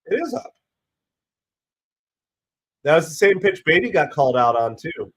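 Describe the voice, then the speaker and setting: A man with a hoarse, stuffy voice from a cold hosts a relaxed live stream and chats his way through the game. He rambles between stats and plays, and gets excited over close pitches. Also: a little slow. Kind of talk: casual play-by-play chat.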